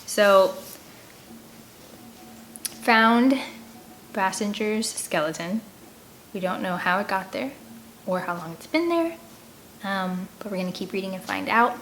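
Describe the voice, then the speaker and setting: A woman reading a children's chapter book aloud in an expressive storytelling way, recorded at home. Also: medium pitch, unhurried, pauses often, rough recording. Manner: expressive storytelling, chatty asides. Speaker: audiobook reader. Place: home room by a large window. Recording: steady background hum.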